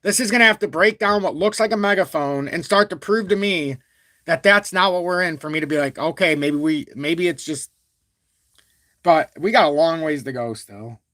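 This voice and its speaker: A man hosting a chatty crypto live stream, with a fairly high voice that sounds close and dry. He is blunt and talks a lot, but stays calm and even-toned even when annoyed. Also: a little fast, dry recording. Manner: talkative and blunt, reads super chats aloud. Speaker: crypto livestream host. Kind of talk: live-stream market commentary.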